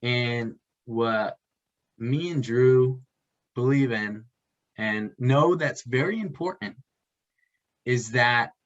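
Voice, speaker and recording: A man co-hosts a relaxed advice conversation, often pausing and restarting as he works out what to say. His voice sits in an ordinary middle register. The recording is slightly dull and muffled. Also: medium pitch. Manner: halting, searching for words mid-sentence. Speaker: podcast co-host. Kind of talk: casual advice chat. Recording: dull lo-fi sound.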